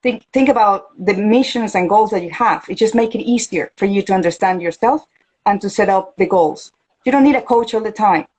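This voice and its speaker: A woman's voice: mid-range voice, brisk, a little mellow, husky, rough recording. A woman from Venezuela with a Venezuelan Spanish accent, a coach hosting a casual interview, talking animatedly and acting out quoted voices. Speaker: host and coach.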